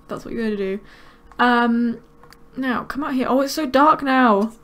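A woman giving casual let's-play commentary, chatting to her game characters with quick excited exclamations. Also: on the high side. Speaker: gaming video creator.

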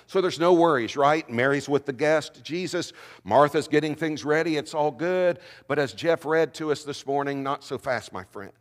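A man preaching a sermon as senior minister, telling the story in an animated way with playful asides. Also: a little high. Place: church sanctuary. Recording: long church reverb.

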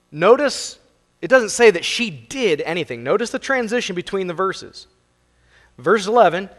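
A man's voice: high voice, fairly bright tone. A man preaching a sermon as pastor, working verse by verse through scripture in a plain, conversational way. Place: church sanctuary. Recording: long hall reverb.

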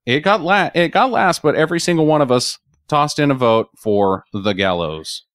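A podcast host with a fairly high, fairly bright and expressive voice chats casually at normal speed, blunt and sarcastic, swearing freely. The recording is clean studio sound with no room echo.

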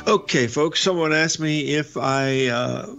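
A man's voice: on the high side, measured pace, vocal fry, music in the background. An older man hosting a live trading show, talking in a folksy, rambling way with many fillers and restarts. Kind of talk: live market commentary.

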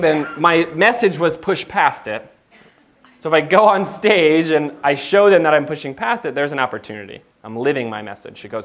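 A man speaking in a slightly high voice, giving a motivational keynote before a live audience. He is animated and jokey and slips into other people's voices as he tells the story. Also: normal speed. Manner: animated and jokey, acts out quoted dialogue.

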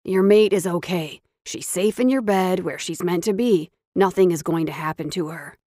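A woman's voice: on the low side, normal speed, no room sound, studio quality, close to an everyday voice. A woman voicing a laid-back male friend who talks his buddy down with jokes. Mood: calming. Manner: calming, joking. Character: easygoing male best friend, teasing.

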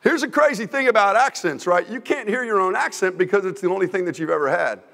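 Gravelly high-voiced joking preacher. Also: male voice, fast talker, in a large hall. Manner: joking, teasing, energetic. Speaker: guest preacher. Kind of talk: humorous sermon. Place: church sanctuary.

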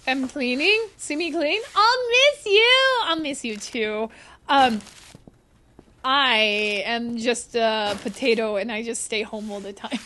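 High-voiced jumpy woman streamer. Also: slow pace, pushed and bright. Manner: jumpy, swears, shrieks and laughs when startled, chats to viewers. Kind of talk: live game-stream chat.

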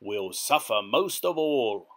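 A man's voice: mid-range voice, very animated, takes it slowly. A man voicing a wicked old witch who sneers and shrieks. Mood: sneering.

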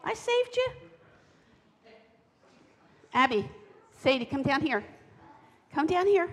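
This woman's high voice has a sing-song lilt and a slightly bright edge, and she takes things slowly. She's leading a fun children's time at church, gently getting the kids seated for a game, recorded in the sanctuary through a handheld or lapel mic with lengthy church reverb.

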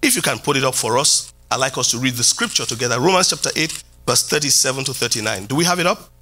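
A middle-aged man, a pastor, preaching a sermon in a church. He repeats key phrases and swings from loud calls down to quiet lines. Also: animated, fast talker. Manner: preaching with sweeping pitch jumps and repeated phrases. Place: church hall.

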